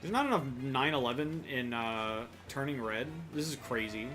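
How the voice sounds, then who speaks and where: A man's voice: medium pitch, lively intonation, fairly quick, few pauses, bright, forceful tone, faint music behind. A man streaming a video game, chatting with viewers and joking about what he sees. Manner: jokey, chatty, greets chat. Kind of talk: casual gameplay commentary.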